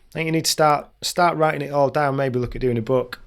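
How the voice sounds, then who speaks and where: Podcast host guy, smooth clear voice, easygoing, short friendly replies. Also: medium pitch, steady tone, quick pace. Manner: easygoing, brief encouraging replies. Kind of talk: casual interview chat.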